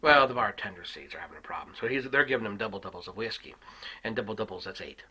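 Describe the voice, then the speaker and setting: A man tells a family story as a profane comic rant, swinging between loud outbursts and hushed asides. His voice is low and husky with a sharp, tense edge, and it leaps around in pitch. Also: fast talker, low-quality recording. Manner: swearing heavily, swinging from shouts to hushed asides. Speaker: comic ranter.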